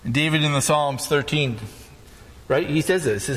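A man's voice: fairly high pitch, steady tone, moderate pace, fairly bright tone, big-room sound. A man preaching a casual sermon as pastor, talking conversationally and often checking in with "right?".

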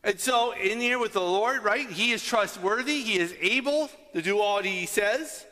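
Bright-voiced man preaching in an echoing hall. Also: high voice, normal speed. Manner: conversational, checks in with "right?" often. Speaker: pastor. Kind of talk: sermon.

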